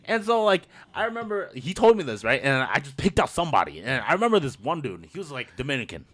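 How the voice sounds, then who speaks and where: A man's voice: mid-range voice, very animated, fast, fairly bright tone, no echo. A young man hosting a podcast, telling school stories casually, swearing freely and laughing often. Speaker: podcast host. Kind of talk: casual storytelling chat.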